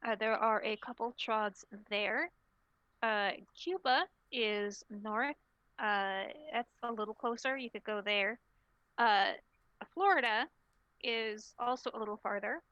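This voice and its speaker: A woman narrating a tabletop game as storyteller, relaxed and rambling, with lots of filler sounds. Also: on the high side, unhurried, no room sound, highs cut off.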